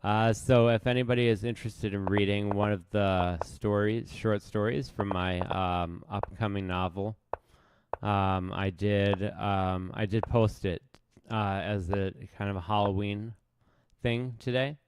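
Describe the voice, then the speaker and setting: A man's voice: fairly low pitch, steady tone, a little slow, slight background noise. A man streaming chess live, thinking aloud as he plays in a casual, self-mocking way. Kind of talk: casual live game commentary.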